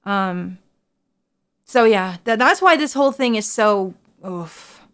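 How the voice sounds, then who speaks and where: A woman's voice: medium pitch, animated, takes it slowly, a bit bright, clear, resonant tone. A woman in her forties from the United States, a streamer chatting casually with viewers in an earnest, reassuring way and swearing freely. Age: 40s.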